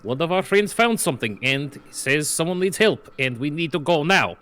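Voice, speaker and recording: Male player, slightly high, lively voice, halting delivery. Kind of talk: casual tabletop play.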